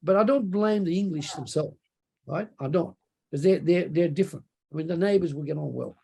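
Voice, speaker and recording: A man's voice: fairly high pitch, brisk, gravelly, mellow, slightly rough. A man telling a story in a casual interview, rambling and often tagging "right?" onto his sentences. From Australia. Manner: rambling, repeats words, frequent "right?" tags. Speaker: interview guest.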